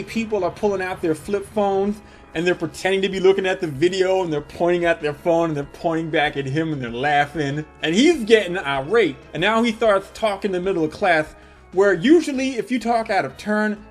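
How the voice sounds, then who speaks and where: A man with a notably high voice tells a comic story, swearing freely and letting his loudness jump up and down as each joke builds. His delivery is animated throughout. Faint music plays in the background. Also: a little fast. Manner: profane, animated, building jokes with sudden shifts in loudness. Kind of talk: comedic storytelling monologue.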